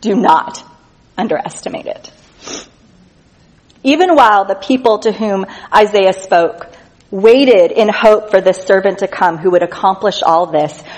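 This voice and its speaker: A woman preaching a sermon, reading scripture with slow, stressed emphasis and going soft and quiet on tender lines. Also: mid-range voice, rough recording. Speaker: speaker at a church gathering.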